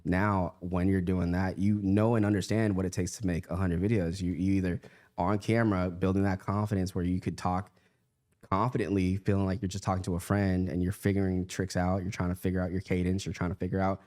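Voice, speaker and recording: A man's voice: deep voice, level tone, brisk, a little mellow. A man speaking as a podcast guest and brand coach, explaining ideas steadily and backing the host with short affirmations. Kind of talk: casual chat.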